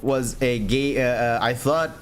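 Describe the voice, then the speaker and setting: A man's voice: medium pitch, steady tone, unhurried, a little hiss or hum. A man chatting casually while streaming a cleaning game, laughing often and restarting his sentences. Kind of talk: casual gaming chat.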